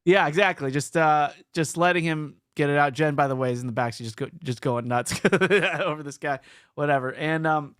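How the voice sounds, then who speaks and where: A man's voice: on the high side, normal speed, smooth, dry recording, studio quality. A man hosting a podcast, telling stories in casual chat and reading out listener comments. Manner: animated storytelling, reads listener comments. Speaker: podcast host.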